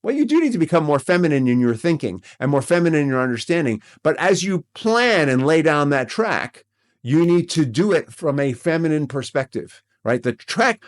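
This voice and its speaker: A man hosting a relationship podcast, talking earnestly and excitably, often repeating himself and checking in with "right?". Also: a little high. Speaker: podcast host. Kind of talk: relationship coaching podcast monologue.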